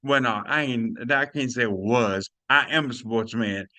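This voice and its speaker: Older man, animated testimonial, bright tone, dry close sound. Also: medium pitch, measured pace, dry recording. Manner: animated, preachy, addresses listeners as y'all. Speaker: testimonial speaker. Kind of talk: excited personal testimony on a video call.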